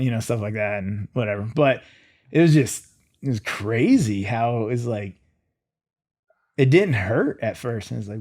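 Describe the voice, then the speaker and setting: A middle-aged man, a former soldier, telling his story as an interview guest in a lively way, acting out his own thoughts. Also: medium pitch, normal speed. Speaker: guest, former Green Beret.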